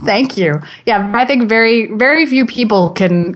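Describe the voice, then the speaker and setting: Woman, actress guest, cheerful, babbling, playful interview chat, medium pitch. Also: expressive. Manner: cheerful, babbling, quick to laugh.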